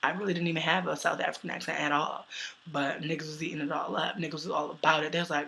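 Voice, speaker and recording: Loud, brash young woman telling a story. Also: deep voice, fast talker, vocal fry, rough recording. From United States. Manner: loud, brash and profane, laughs often. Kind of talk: casual personal storytelling.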